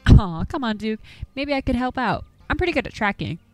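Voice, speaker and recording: A woman's voice: a little high, expressive, fairly quick, no room sound, soft background music, voice pushed up, lightly acted. A woman voicing an eager young woman who makes paranormal videos, earnest and coaxing.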